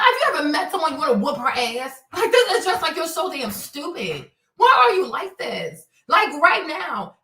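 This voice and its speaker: This woman hosting a livestream launches into a casual rant packed with swearing and exasperation. Her voice sits high with a sharp tone, heard off-mic from a distance in an echoey room.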